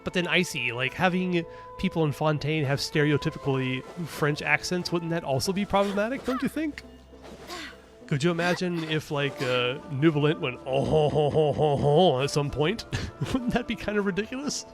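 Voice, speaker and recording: A man streaming a video game, chatting casually, rambling and thinking out loud as he answers his chat. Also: fairly high pitch, lively intonation, normal speed, soft background music. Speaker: gaming streamer. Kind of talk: casual gaming commentary.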